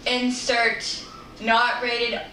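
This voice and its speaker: A woman joining a casual game chat as a guest, playful and quick to laugh. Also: on the high side, monotone, bright, forceful tone, echoey room, distant mic, slight background noise.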